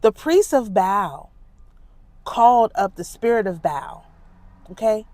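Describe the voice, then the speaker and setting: A woman talking casually and emphatically in an indignant, animated monologue, with a congested voice. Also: mid-range voice, takes it slowly, no room sound. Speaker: spiritual commentator.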